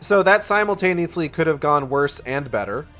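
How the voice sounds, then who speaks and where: A man's voice: on the high side, lively intonation, normal speed, a bit bright, soft background music. A man streaming a game, making profane, jokey asides. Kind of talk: livestream gameplay commentary.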